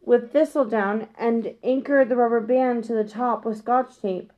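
An earnest young boy speaks plainly and sincerely, read by a woman from a storybook. His voice is fairly high and direct, the way a child talks to a close friend. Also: fairly even intonation, a little slow, a little mellow, lightly acted. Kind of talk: storybook reading.

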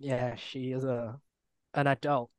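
Slow-talking man with dry quips. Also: medium pitch, little pitch movement. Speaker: podcast co-host. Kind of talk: casual podcast chat.

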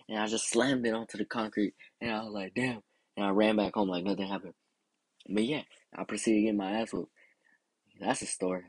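A young man telling his own childhood stories in casual slang, acting out his pleas in a high voice. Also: a little mellow, husky, no room sound. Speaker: storyteller. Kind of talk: casual storytelling monologue.

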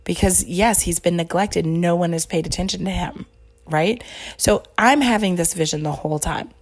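A woman's voice: fairly low pitch, normal speed. A woman podcast host telling a personal story in a casual, heartfelt way, rambling with many fillers and restarts. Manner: earnest and heartfelt.

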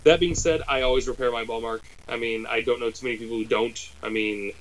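A man's voice: mid-range voice, steady tone, quick pace, low-quality recording. A middle-aged man hosting a golf podcast, talking casually in long rambling asides and jokes. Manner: rambling, self-correcting, joking. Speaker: podcast host and caddie.

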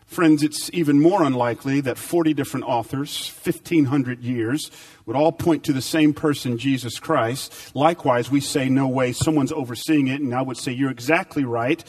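A man preaching a sermon with emphatic repetition, swinging between loud, high bursts and low, quiet stretches. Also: normal speed, recorded from a distance. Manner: dynamic, emphatic repetition with big swings in pitch and volume.

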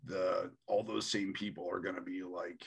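A man in his thirties hosting a casual podcast conversation, animated and quick to mimic other people in quotes. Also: low-pitched, vocal fry, slightly rough. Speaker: podcast host.

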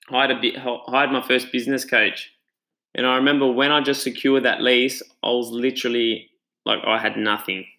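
A man's voice: medium pitch, sharp tone, poor audio. An Australian man who runs a gym tells his own story in a casual, earnest and reflective way. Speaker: gym owner and trainer.

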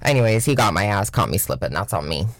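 With a bass voice, big pitch swings and a quick pace, this young woman vlogger from Washington State chats through a profane storytime. She leans on "like" constantly, uses lots of filler words, and mocks voices when quoting people, all with no echo.

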